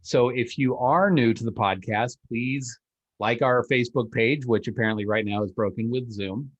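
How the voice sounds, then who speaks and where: A man's voice: medium pitch, moderate pace, highs cut off. A man hosting a podcast over a video call, upbeat and chatty, joking with his guest. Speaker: podcast host. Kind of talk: casual interview chat.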